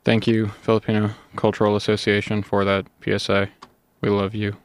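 A young man hosting a college radio show, out of breath, talking in a halting way with many fillers and restarts. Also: fairly low pitch, completely flat delivery, clear, resonant tone, no room sound. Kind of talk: casual radio chat.

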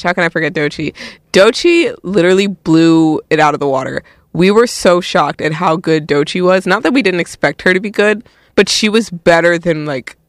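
A young male radio host with a fairly high voice, talking in a loose, rambling way full of fillers. He sounds tired and laid-back, and the sound is dry and close with no room echo. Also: a bit bright. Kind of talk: casual radio chat.

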